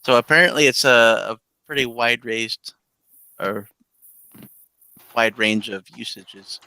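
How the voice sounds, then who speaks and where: A man's voice: medium pitch, a little slow, bright, forceful tone, clean tone, dry recording, poor audio. A man in a casual group chat, hesitantly reporting what he has looked up.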